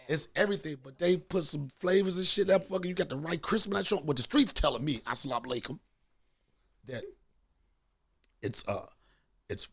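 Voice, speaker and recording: A man's voice: a little high, expressive, a little fast, gravelly, long pauses, slightly rough. A middle-aged man hosting a podcast, telling a profane comic story with lots of animation and acted-out voices. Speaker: podcast host. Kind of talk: comedic storytelling.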